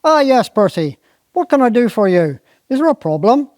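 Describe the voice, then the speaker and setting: A performer doing a blustering, outraged posh squire. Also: male voice, extremely high pitch, sing-song, moderate pace, darkish tone, no room sound, clean studio sound, pitched above the performer's own voice. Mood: polite. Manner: blustering, increasingly outraged questions. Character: posh, hot-tempered upper-class country squire.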